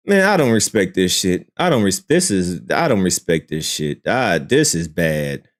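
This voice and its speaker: Reacting to a song on his live stream, a man swears and vents his exasperation, saying the same things over and over. He veers from loud outbursts to low muttering, with big pitch swings and a slightly slow delivery.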